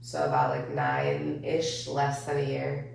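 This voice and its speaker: Low-voiced joking young woman. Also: big pitch swings, measured pace, creaky, a little mellow, a little hiss or hum. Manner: loose, laughing, swearing, self-mocking. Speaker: comedian guest. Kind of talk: casual podcast chat. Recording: echoey room, mic at a distance.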